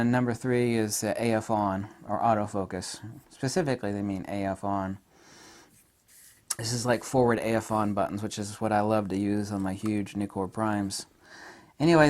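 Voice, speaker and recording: A man with a drawl talks his way through a camera lens review, rambling from point to point. He gushes and gets excitable, with giggly asides along the way. His pitch sits in an ordinary middle range for a man.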